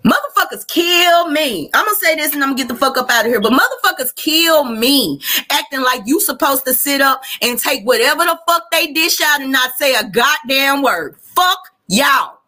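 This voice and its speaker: Pitched high with lively intonation and a pushed, bright sound, the woman speaks at normal speed with hardly any pauses. A Southern US host from Arkansas, she's ranting bluntly and profanely during a live podcast stream.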